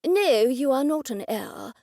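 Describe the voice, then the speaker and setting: A man's voice: very high-pitched, expressive, unhurried, a little mellow, no echo, studio quality, pitched above the performer's own voice, exaggerated voice. Woman narrator doing a clipped lawyer on the phone, formal, guarded. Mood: curt. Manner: clipped, official.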